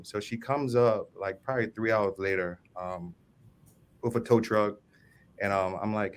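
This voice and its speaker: A man's voice: lowish voice, steady tone, moderate pace, clear, resonant tone. A man on an industry panel, from New Orleans, telling a work story in a loose way with many ums and restarts. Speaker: service manager panelist.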